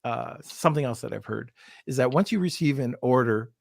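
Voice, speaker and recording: A man's voice: mid-range voice, brisk, creaky, no room sound, clean studio sound. A man with a Canadian accent hosting a podcast, asking questions with hesitant restarts in a casual way. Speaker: podcast host. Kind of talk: casual interview chat.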